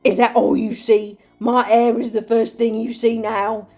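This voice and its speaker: A woman's voice: on the high side, level tone, a little slow, dark tone, soft background music. A woman reading aloud and voicing a brooding young male killer from a fan story in an exaggerated, put-on British accent, melodramatic and overwrought. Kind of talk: comedic dramatic reading.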